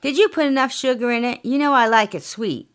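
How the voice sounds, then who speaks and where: This is a bossy, complaining older wife, as a woman storyteller puts her on, pitched higher and louder than plain talk. She whines and demands, pushing every line hard like a storybook shrew. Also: a little fast, clear, resonant tone, natural voice. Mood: nagging.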